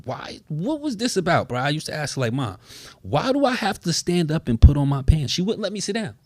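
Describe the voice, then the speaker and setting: A man's voice: a little fast, no echo. A young adult man, hosting a casual podcast chat and acting out quotes with big swings in voice. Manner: animated storyteller, acts out quotes with big pitch swings. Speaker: podcast host.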